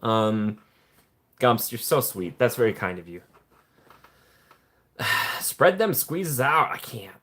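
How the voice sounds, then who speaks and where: A man of medium pitch hosts a casual live stream and chats with his viewers. He talks in a playful, jokey way, laughs often, and his voice leaps upward when something excites him. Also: slow, pauses often.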